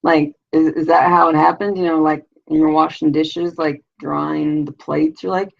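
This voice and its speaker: A woman's voice: sits low, fairly even intonation, normal speed, gravelly. A middle-aged woman hosting a live stream, chatting in a slangy, rambling way with lots of fillers and casual swearing. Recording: dull lo-fi live-stream audio.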